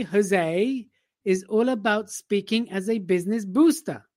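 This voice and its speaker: A man's voice: high-pitched, a little slow, darkish tone, no echo. A man co-hosting a podcast in casual banter, with playful, dry teasing. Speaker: podcast co-host.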